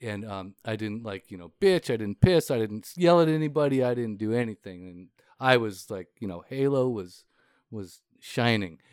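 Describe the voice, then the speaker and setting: A man's voice: on the low side, lively intonation, moderate pace, a little mellow, clean tone, no room sound, studio quality. A man co-hosting a podcast, telling a long personal story with lots of swearing, laughter, fillers and restarts. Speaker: podcast co-host.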